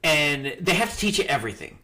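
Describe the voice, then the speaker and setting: A man with a high, bright voice tells a sheepish story in casual chat. His pitch swings in a lively way. He laughs at his own mistake. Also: a little fast. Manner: self-mocking, laughs through his story.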